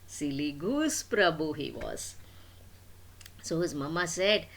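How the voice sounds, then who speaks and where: An older woman reading a children's tale aloud, slow and unhurried, with a very lively, sing-song voice. She plays with her listeners, asking what happens next and adding little sound effects. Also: sits low, gravelly. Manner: playful, asks the listener questions, sound effects. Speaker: storyteller. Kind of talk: storytelling to children.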